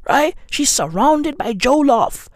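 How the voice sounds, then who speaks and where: Slow, slangy man ranting. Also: extremely high pitch, big pitch swings, no echo, studio quality. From London. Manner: slangy, sardonic rant with mock apologies. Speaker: comedian and podcaster. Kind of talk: profane comedic monologue. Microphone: new studio microphone.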